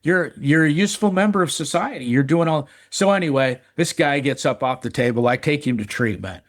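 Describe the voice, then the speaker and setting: A middle-aged man who's a guest on a recovery podcast tells his personal recovery story in casual conversation. His voice is on the high side and a little fast, and he's earnest, often repeating words and restarting.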